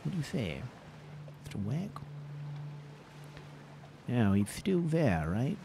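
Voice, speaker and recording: A man plays a fussy, bookish adventurer in a video game, easily flustered and fond of prim, formal phrasing. His pitch swings widely, and his delivery is slow and drawn out. He grumbles to himself between lines. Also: very animated, vocal fry, background noise, full character voice. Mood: exasperated. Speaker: gameplay narrator voicing his character. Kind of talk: in-character gameplay commentary.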